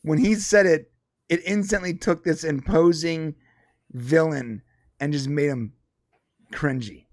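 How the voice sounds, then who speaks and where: A man co-hosting a casual pop culture podcast, talking in an animated way and acting out quotes. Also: on the high side, unhurried, pauses often, no room sound, clean studio sound. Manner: animated, acts out quotes in put-on voices. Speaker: podcast co-host.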